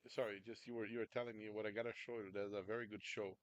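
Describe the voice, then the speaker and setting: A man's voice: lowish voice, little pitch movement, quick pace, no room sound. Chatty male coach, dry close sound. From United States. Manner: chatty, keeps checking in with "right?" and "understand?". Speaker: communication coach. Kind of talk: casual coaching talk.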